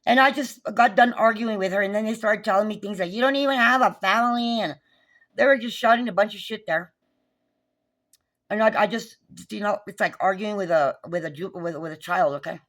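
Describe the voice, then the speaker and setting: A woman's voice: mid-range voice, fairly quick. A woman, recounting a neighbor dispute in an agitated, profane, repetitive rant. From New Mexico. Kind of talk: angry recounting vlog.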